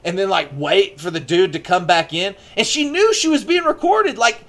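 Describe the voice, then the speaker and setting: A man's voice: high voice, lively intonation, moderate pace, fairly bright tone. A young man chatting casually, telling a rambling story full of filler words and swearing. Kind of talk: casual chat.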